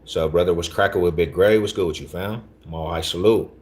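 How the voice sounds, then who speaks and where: A man with a very deep, low voice chats loosely with his livestream audience. His talk is slangy, laid-back and full of repeats. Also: brisk, darkish tone. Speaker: livestream host. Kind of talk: casual livestream chat, reading chat.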